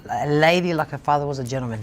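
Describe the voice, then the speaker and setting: A woman's voice: low-pitched, rapid-fire. A middle-aged woman from Australia, hosting a casual studio chat and telling stories in a candid, blunt way. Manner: candid, blunt storyteller, swears freely. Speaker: host.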